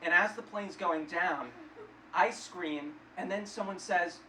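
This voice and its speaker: Onstage at a comedy club before a live crowd, a young man with a voice that sits high delivers a stand-up set at a slow pace. His awkward, self-mocking stories come through a roomy, distant recording thick with audience noise.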